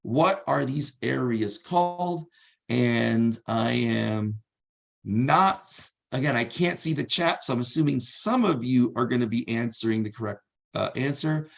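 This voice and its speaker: A man leads a live exam review session from behind his computer, speaking loosely and informally with plenty of fillers and restarts. His voice sits at an ordinary pitch but has a gravelly, creaky edge. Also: unhurried. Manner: casual, thinking aloud with fillers and restarts. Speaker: teacher.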